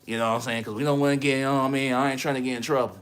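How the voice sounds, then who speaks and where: Bright-voiced rambling male streamer. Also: mid-range voice, steady tone, very fast, smooth. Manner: rambling, slangy, laughs often. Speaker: livestreamer. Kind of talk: casual livestream chat.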